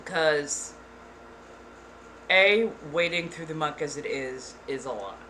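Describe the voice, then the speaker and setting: A woman talks in relaxed, casual storytime mode, with a bright, forceful tone sitting a little low. She gets animated and swears freely. Faint ambience sits behind her. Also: slow, a little hiss or hum. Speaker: ASMR channel host.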